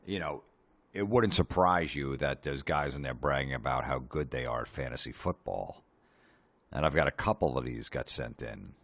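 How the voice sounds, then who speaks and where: A man hosting a comedy podcast, ranting sarcastically with lots of swearing and deadpan asides. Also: extremely low pitch, moderate pace.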